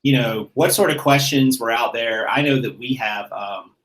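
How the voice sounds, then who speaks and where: A man hosting his own channel in a casual chat, relaxed and self-mocking, laughing easily. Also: mid-range voice, moderate pace, poor audio. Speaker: YouTube channel host.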